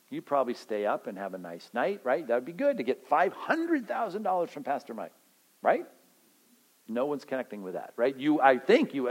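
A man's voice: mid-range voice, big pitch swings, normal speed, long pauses, slightly rough, low-quality recording. A pastor giving a conversational, joking sermon at a retreat, acting out everyday scenes to make his point.

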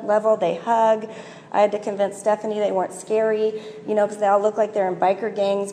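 A woman's voice: medium pitch, a little mellow. A woman in her forties giving a chatty personal talk to an audience, telling stories with frequent ums. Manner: chatty, storytelling with filler ums. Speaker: speaker at a gathering. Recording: echoey hall with faint ambience.

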